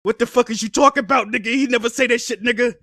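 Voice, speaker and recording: A man's voice: extremely high pitch, steady tone, racing, pushed and bright, no echo, studio quality, heavily acted. A man imitating an irritated friend who scolds someone with constant cursing. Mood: indignant. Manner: profane, indignant.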